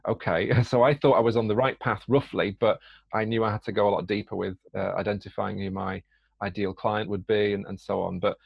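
Casting: British man, podcast guest, low gravelly voice, hesitant, dry muffled audio. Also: steady tone, fairly quick, dry recording. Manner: hesitant, many fillers and restarts. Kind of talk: conversational podcast interview. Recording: dull lo-fi dry sound.

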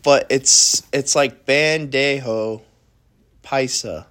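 A man's voice: medium pitch, unhurried. A young adult man hosting a podcast, chatting casually and acting out his own lines as he tells a story. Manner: animated storyteller, acts out his own quotes. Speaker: podcast host. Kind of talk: casual chat.

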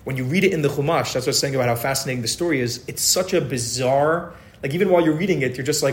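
A man's voice: medium pitch, a little fast. A man giving a weekly Torah lesson, retelling the story in an emphatic, repetitive storytelling way. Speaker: Torah teacher.

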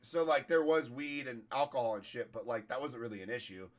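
A hoarse-voiced man, a comedian, telling a story in casual, profane podcast chat. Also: medium pitch, animated, fairly quick.

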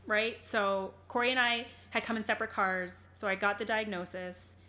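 A woman's voice: medium pitch, fairly even intonation, moderate pace, bright, forceful tone. A young adult woman, an interview guest, telling a personal story candidly in conversation, earnest and rambling, with many fillers and restarts.

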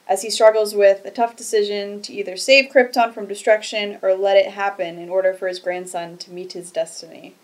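A woman co-hosts a film podcast in relaxed chat. She laughs easily and hesitates often, filling pauses with ums, and her voice sits in a middle range. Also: medium pitch. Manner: giggly, hesitant, many ums. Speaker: podcast co-host. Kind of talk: casual chat.

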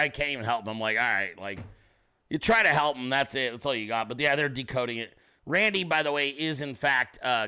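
A man's voice: a little high, bright, forceful tone. A man hosting his own show, in brash, crude, rambling casual commentary, talking straight to his chat viewers. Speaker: show host.

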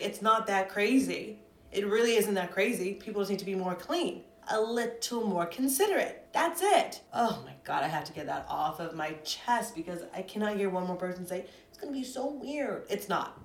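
A woman's voice: mid-range voice, lively intonation, moderate pace. A young woman hosting her own podcast alone, chatting and ranting in a sassy, dramatic way from her apartment. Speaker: podcast host. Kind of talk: solo chatty podcast rant. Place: apartment at home. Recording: roomy echo.

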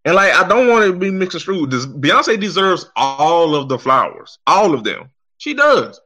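Heated ranting man, bright and lively. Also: a little high, moderate pace, slight background noise. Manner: heated, exasperated, swears heavily. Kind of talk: profane ranting commentary.

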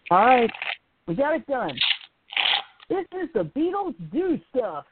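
A woman's voice: sits high, very animated, measured pace, very noisy. A woman co-hosting a casual podcast, reading a silly word game aloud and giggling often as she goes. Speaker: co-host. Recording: tinny phone-line sound.

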